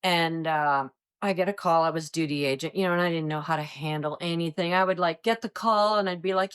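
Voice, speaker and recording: Woman, fifties, from Iowa, retired agent, interview storytelling, slightly low pitch, animated. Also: fairly quick, clean tone. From Iowa, United States. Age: 50s. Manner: animated, acts out quoted voices. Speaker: retired DEA agent, guest.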